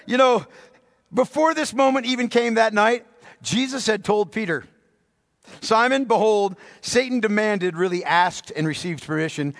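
A man's voice: high-pitched, a bit bright. A man preaching a sermon as pastor, impassioned and repetitive, often addressing the congregation as beloved. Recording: long hall reverb.

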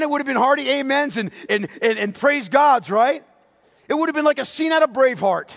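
A male pastor preaches with fervor, pressing his listeners with questions and calling them beloved. His voice sits high, and a long reverb trails behind it like a large hall. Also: fairly bright tone. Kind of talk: sermon.

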